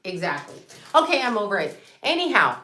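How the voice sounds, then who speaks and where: A woman's voice: on the high side, expressive, measured pace, sharp tone, echoey room. A woman who is a psychic medium, talking in a defiant, profane rant and repeating herself for emphasis on her channel. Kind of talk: ranting livestream chat.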